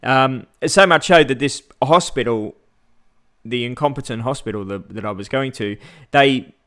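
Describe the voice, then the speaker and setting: An Australian man talking loosely to a live audience, full of ums and restarts. His voice sits at an ordinary middle pitch, and he breaks off now and then to say hello to people joining in. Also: moderate pace, fairly bright tone. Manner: rambling, many fillers, greets viewers mid-story. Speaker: vlogger. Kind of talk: casual livestream chat.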